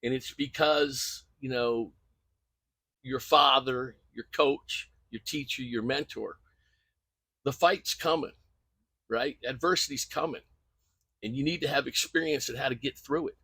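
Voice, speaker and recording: A man's voice: mid-range voice, measured pace, creaky, pauses often, sharp tone, slightly rough, no echo. An older man, a coach, telling stories in an earnest, emphatic way during an interview. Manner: earnest, emphatic storytelling with repeated phrases. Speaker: guest coach. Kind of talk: conversational interview.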